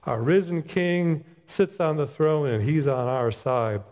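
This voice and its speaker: A middle-aged man preaches a sermon in a folksy, conversational way, easing into stories before making his point. His voice sits a little high for a man. The sound carries a long reverb from the church around him. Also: animated, unhurried, darkish tone. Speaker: chaplain pastor. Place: church sanctuary.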